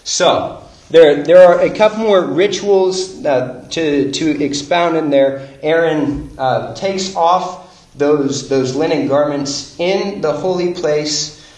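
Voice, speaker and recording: A man's voice: on the high side, slow pace, darkish tone. A man preaching an expository sermon, reading scripture aloud and building to emphatic peaks. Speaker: pastor. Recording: roomy sound, mic at a distance.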